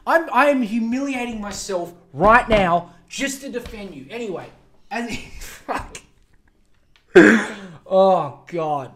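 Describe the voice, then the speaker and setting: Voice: mid-range voice, animated, slow, a bit bright, slight background noise. A podcast host, ranting alone into the mic, sarcastic, swearing, and exasperated. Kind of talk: solo podcast rant.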